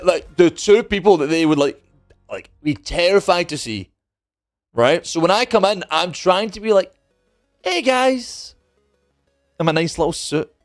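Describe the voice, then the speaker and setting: A young man with a fairly high voice tells a story in loose, casual chat. He is animated and profane, and he keeps slipping into other people's lines. Faint music plays behind him. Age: young adult. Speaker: streamer.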